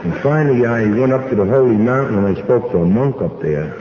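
A man's voice: mid-range voice, lively intonation, fast talker, noisy background. A man giving a personal recovery testimony at a meeting, a wry, folksy storyteller who acts out dialogue. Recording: echoey hall, dull lo-fi sound.

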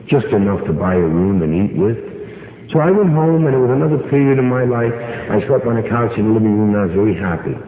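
A man's voice: medium pitch, slight background noise. A man giving a personal recovery testimony at a meeting, a wry, folksy storyteller who acts out dialogue. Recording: echoey hall, dull lo-fi sound.

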